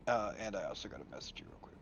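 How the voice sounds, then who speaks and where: A man's voice: low voice, animated, very fast, gravelly. Man, tabletop player, casual, hesitant, laughing, dull lo-fi audio. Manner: loose and laid-back, hesitant "uh"s, laughing and swearing. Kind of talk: casual chat at a game table.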